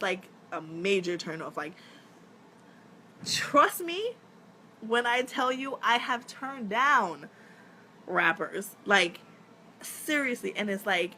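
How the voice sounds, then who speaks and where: A woman in her thirties, an actress chatting casually on a live stream, telling animated stories, laughing often and swearing freely. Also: mid-range voice, a little hiss or hum. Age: 30s.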